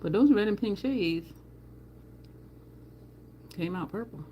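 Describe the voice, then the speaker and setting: Doing her makeup on a casual livestream, a woman chats with viewers and responds to their comments. Her medium-pitched voice is animated yet mellow, her pace slow, with slight background noise.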